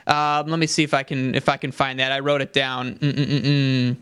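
A man co-hosting a political talk podcast, animated and sarcastic, and he laughs at his own jabs. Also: medium pitch, fairly quick, clear, resonant tone. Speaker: podcast co-host.

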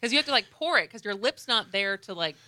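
A radio host chats casually with her co-hosts in a bright voice. Her talk is chatty and full of quick restarts. The sound is dry and close-miked. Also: mid-range voice, expressive, no echo. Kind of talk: casual studio chat.

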